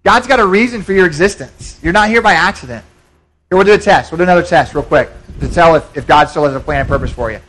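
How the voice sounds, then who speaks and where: A man's voice: fairly high pitch, fast, fairly bright tone, slight background noise, low-quality recording. A man pastor preaching a sermon in a church, conversational, with frequent repetitions and restarts.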